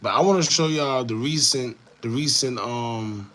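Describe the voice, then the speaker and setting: A man hosting an online commentary show, talking casually to viewers in a repetitive, animated way with laughing asides. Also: mid-range voice, unhurried. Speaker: show host.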